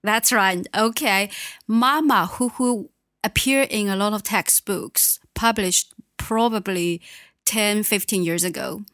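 Slow patient female language teacher. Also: mid-range voice, a bit bright, no echo, studio quality. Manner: patient, models sounds clearly. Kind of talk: podcast language lesson.

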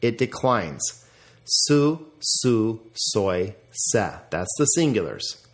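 A man teaching a recorded vocabulary lesson, reading word forms aloud slowly and repeating them for practice. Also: fairly low pitch, very animated. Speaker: language teacher.

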